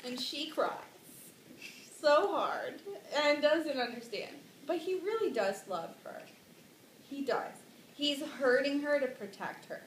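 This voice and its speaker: A woman's voice: high voice, expressive, slow, pauses often, roomy sound, a little hiss or hum. A woman telling a classic story in a rambling, giggly way, with sudden dramatic outbursts. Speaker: drunk storyteller. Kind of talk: tipsy comic retelling of a classic play.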